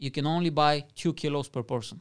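Man, Bulgarian accent, quick delivery, clear smooth voice, lively storyteller. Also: on the high side. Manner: animated storyteller, acts out scenes. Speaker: podcast guest. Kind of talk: casual storytelling.

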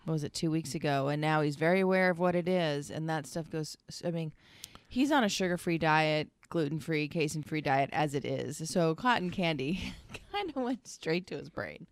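A woman's voice: low voice, expressive, moderate pace, dry recording. A woman co-hosting a podcast in casual chat, amused and agreeable and laughing easily. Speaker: podcast co-host.

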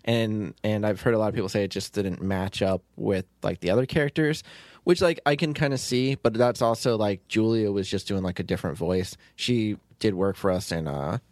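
A man's voice: fairly low pitch, moderate pace, darkish tone, no room sound. A man hosting a casual podcast chat, easygoing and agreeable, often nodding along with short replies. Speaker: podcast host and show creator.

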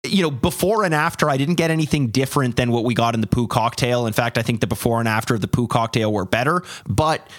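A man co-hosting a podcast in casual chat, blunt and swearing freely. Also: mid-range voice. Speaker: podcast co-host.

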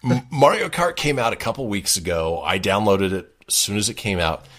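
A man with a deep voice co-hosting a relaxed podcast chat. His pitch moves a lot as he talks. He laughs easily and keeps the tone light. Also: moderate pace. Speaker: podcast co-host. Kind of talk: casual chat.

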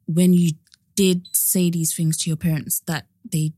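A woman's voice: fairly low pitch, level tone, moderate pace, mellow, dry recording, clean studio sound. A woman in her twenties co-hosting a casual podcast, mostly listening and responding with short sympathetic remarks. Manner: supportive listener, short reactions, laughs along. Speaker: podcast co-host. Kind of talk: casual chat.

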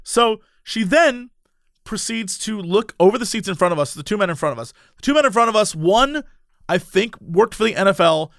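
A man with a notably high voice, recorded close and dry with no room sound. He tells his story in an animated way, laughing often and slipping into the voices of the people in it. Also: normal speed, vocal fry, no echo. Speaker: podcast host telling a story. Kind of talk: casual storytelling chat.

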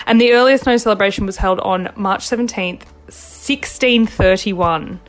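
A woman's voice: mid-range voice, fairly quick, poor audio. A young Australian woman co-hosting a podcast from home, chatting casually in a bubbly way with lots of "like". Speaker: podcast co-host. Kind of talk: casual chat.

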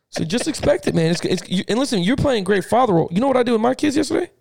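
A man co-hosting a casual sports podcast, an animated, profane storyteller who keeps saying "listen to me". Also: high voice, fast, vocal fry, dry recording, clean studio sound. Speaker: podcast co-host.

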